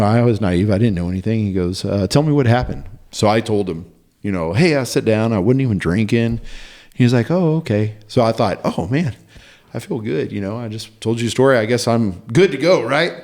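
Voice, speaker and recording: A man telling a long personal story in casual podcast chat, halting and animated, with frequent fillers and restarts. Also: fairly low pitch. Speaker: podcast guest.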